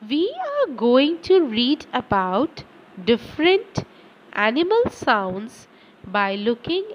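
A woman teacher giving a slow, deliberate lesson to children, reading words out one by one. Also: on the high side, fairly bright tone, dull audio, slight background noise. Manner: slow and deliberate, reads word lists aloud; addresses children directly.

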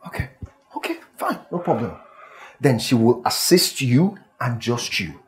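A man's voice: mid-range voice, very animated, measured pace, slightly rough, full character voice. An actor playing an arrogant, scornful husband and father with a Nigerian accent, mocking and contemptuous. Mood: threatening.

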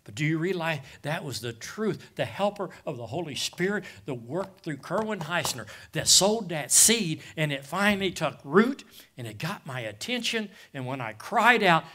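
Bright-voiced pastor preaching with fervor. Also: male voice, fairly high pitch, big pitch swings, normal speed. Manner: swings from hushed, near-whispered confession to loud impassioned preaching; addresses listeners as "guys" with call-outs of "Amen?". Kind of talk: sermon.

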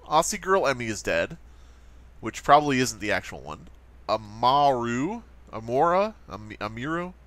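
A man's voice: medium pitch, fairly bright tone, no echo. A man doing playful, sarcastic let's play commentary while playing and talking straight to his viewers. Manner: sarcastic, jokey, talks to viewers. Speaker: gaming commentator.

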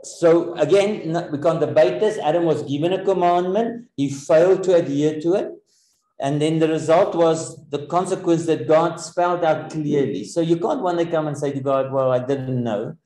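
A man's voice: fairly high pitch, mellow. Earnest male preacher in an echoey room. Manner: earnest, explanatory, pausing often with fillers. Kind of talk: sermon.

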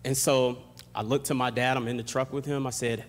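A young man from Florida preaching a sermon, moving from hushed, slow prayer to building intensity as he preaches. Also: mid-range voice, level tone, in a large hall. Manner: reads scripture, then prays slowly and hushed, then preaches with rising intensity. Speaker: pastor. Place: church sanctuary.

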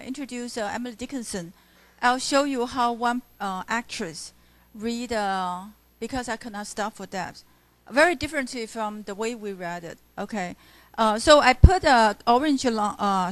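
A woman university lecturer with a Taiwanese Mandarin accent, switching between Mandarin and English in class, pausing often and stressing words as she scans poetry. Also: fairly high pitch, dry recording. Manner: halting, many "uh" fillers, stresses words while scanning poetry.

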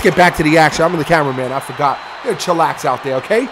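A man doing excitable, profane play-by-play wrestling commentary on a stream, often shouting and trash-talking the chat. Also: a little high, fast talker, music in the background. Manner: trash-talks the audience and chat.

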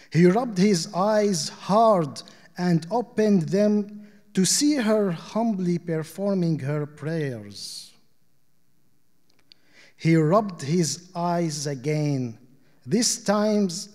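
A man reading short fables aloud at a literary panel in a measured, deliberate way. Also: sits high, darkish tone. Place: arts center auditorium. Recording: long hall reverb.

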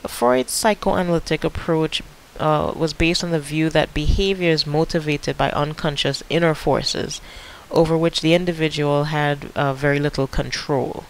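Guy doing a video lecture, kinda high voice, lots of ums, faint hiss behind. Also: fairly even intonation, moderate pace, low-quality recording. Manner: casual, with many fillers and restarts. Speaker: teacher.

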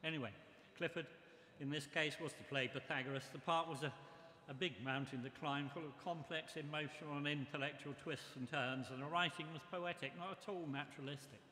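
An older man giving a memorial tribute speech, reminiscing in a measured way. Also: on the high side, fairly even intonation, sharp tone, a little hiss or hum. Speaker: memorial speaker. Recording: echoey hall with long reverb.

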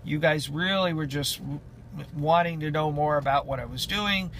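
A truck driver who vlogs gives a casual update about his runs, rambling along with many fillers and restarts. His voice is fairly high and a bit bright at a normal speed, with a little hiss or hum in the audio.

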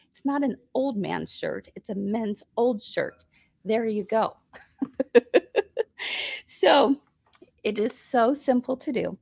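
A woman hosting a live sewing tutorial, bubbly and chatty and laughing often, her voice slightly hoarse. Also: fairly high pitch, dry recording, clean studio sound. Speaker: quilt shop host.

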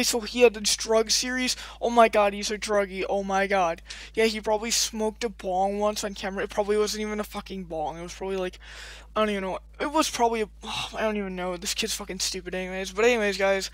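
A man's voice: sits high, a bit bright, no room sound, rough recording. A man doing a profane, defiant rant as a YouTuber addressing his viewers. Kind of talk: ranting vlog to camera.

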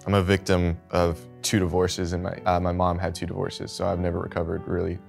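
A man's voice: low voice, monotone, brisk, creaky, loud music behind the voice. A young man cracking jokes and teasing as a contestant on a group dating show. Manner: wisecracking, playful, teasing. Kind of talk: joking group banter.

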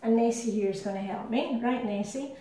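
A woman's voice: a little high, brisk, background noise. A middle-aged woman with a Scottish accent, chatting her way through a home cooking demonstration with rambling asides. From Scotland. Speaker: cooking vlogger. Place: home kitchen. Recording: very echoey kitchen, distant mic.

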